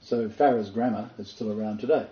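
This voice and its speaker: A man's voice: on the low side, steady tone, fairly quick, dull audio. Man teaching with read quotations, roomy sound. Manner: reads poetry and quotes expressively, then comments in asides. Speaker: Bible teacher.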